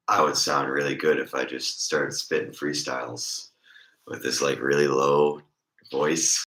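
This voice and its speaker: Hoarse raspy guy chatting on stream, super deep voice, echoey room. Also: little pitch movement, a little slow, pushed and bright. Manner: rambling and joking. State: hoarse, congested. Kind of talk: casual chat.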